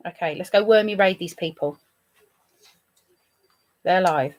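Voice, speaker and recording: A woman's voice: mid-range voice, unhurried, pauses often, highs cut off. A British woman hosting a casual live stream, chatting playfully with her viewers. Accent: British English. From England.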